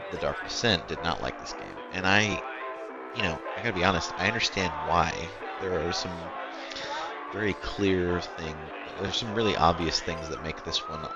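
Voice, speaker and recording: A man hosting a gaming channel, giving casual let's-play commentary in a rambling, hesitant way full of fillers and restarts. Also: a bass voice. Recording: dull lo-fi sound with game music behind. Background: loud game music.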